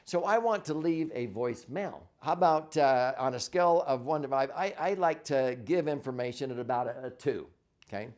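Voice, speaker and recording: A man's voice: medium pitch, darkish tone. A man coaching couples on communication in an instructional monologue, explaining step by step with everyday examples and leaning on key words for emphasis. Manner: stresses words for emphasis, frequent "uh" and "okay?".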